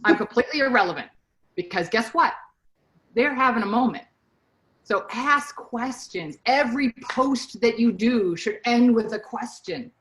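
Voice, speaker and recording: A woman's voice: a little high, fairly bright tone, low-quality recording. Middle-aged lady doing a sales team training, chatty storyteller, lots of asides. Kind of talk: casual training talk.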